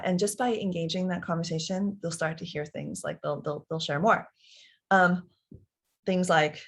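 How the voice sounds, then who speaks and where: A woman's voice: fairly low pitch, steady tone, normal speed. A woman in her thirties giving parenting advice in a conversational way, acting out little dialogues between parent and child. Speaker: parenting expert. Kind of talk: advice talk answering parents' questions.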